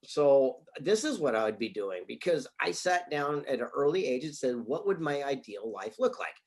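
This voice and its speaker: A man's voice: mid-range voice, sing-song, moderate pace. A middle-aged man speaking as a guest author, telling stories with energy and often repeating words as he starts a thought. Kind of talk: casual interview chat.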